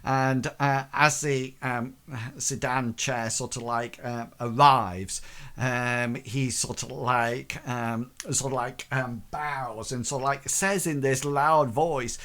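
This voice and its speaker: A man's voice: mid-range voice, steady tone, slow, fairly bright tone. A man narrating a tabletop game as game master, hesitant and full of fillers.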